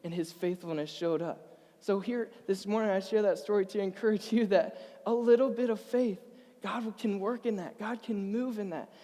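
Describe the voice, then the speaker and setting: A man's voice: sits high, normal speed, mellow. A young man in his twenties preaching a sermon, telling a personal story in an earnest, emotional way with frequent restarts and small laughs. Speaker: pastor. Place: church hall. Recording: long reverb of a church hall.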